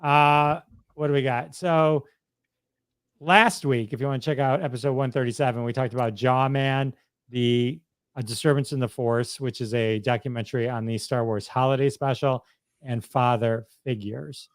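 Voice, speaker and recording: A man's voice: mid-range voice, fairly even intonation, normal speed, dry recording. Chatty upbeat guy hosting a stream, kinda announcer voice, dry sound. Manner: upbeat, chatty, laughs often. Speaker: podcast host. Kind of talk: casual live-stream chat.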